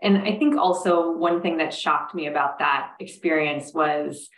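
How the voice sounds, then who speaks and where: A woman in her thirties, a podcast guest, talking candidly and reflectively with halting restarts. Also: low voice, reverberant, low-quality recording. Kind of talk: candid conversation.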